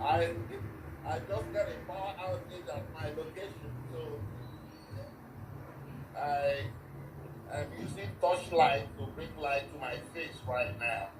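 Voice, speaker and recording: A man joining a live radio show as a guest lawyer from a remote line, speaking haltingly. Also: on the high side. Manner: halting, repeats words on a bad line. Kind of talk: remote call-in interview. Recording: distant echoey call with loud noise.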